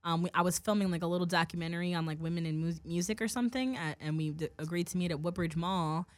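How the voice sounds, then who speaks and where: A woman's voice: lowish voice, fast, no room sound. Profane, rambling young woman host. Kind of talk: casual chat.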